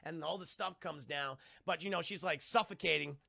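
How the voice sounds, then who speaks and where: Young man with a gravelly voice who talks a show through for live chat, casual and profane with many restarts. Bright, slightly higher tone than most men. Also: normal speed, dry recording. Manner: rambling, swears, many fillers and restarts. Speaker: streamer reviewing a cartoon episode.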